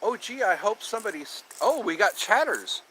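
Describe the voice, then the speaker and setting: With big pitch swings, a man's high, fairly bright voice greets viewers on a casual outdoor live stream, where birds chirp in the background. He speaks at normal speed, cheerful and chatty, repeating himself, and there's a little hiss or hum.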